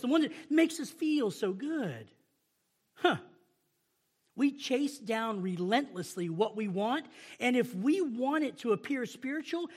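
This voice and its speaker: A man preaching a sermon in a notably high voice. He keeps it conversational, asking the congregation question after question and acting out their protests before answering them. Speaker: pastor.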